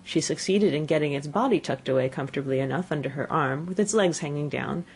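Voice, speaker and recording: A woman reading a classic children's story aloud as an audiobook narrator, with expressive storytelling. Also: low voice, fast, husky. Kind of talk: scripted narration.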